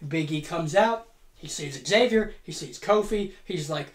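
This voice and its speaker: A low-pitched, lively voice, a little slow, belongs to a podcast host telling a playful, profane story. Her casual fantasy-booking monologue is recorded in a room at home with noticeable echo.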